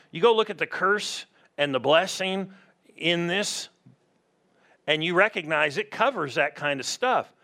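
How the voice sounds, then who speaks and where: Here a middle-aged man gives a sermon as a pastor, speaking in a slightly high voice. He's conversational and full of energy, using small acted-out voices to make his points.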